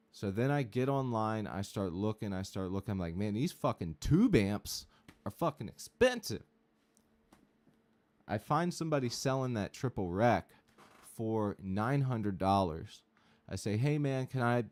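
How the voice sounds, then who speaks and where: A man with a fairly low voice, chatting on his stream about his gear and his old bands. He tells it loosely and profanely, stacking "like" and "uh" as the story runs on. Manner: rambling, profane, animated anecdote with frequent fillers. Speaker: guitarist and streamer. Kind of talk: casual storytelling on a livestream.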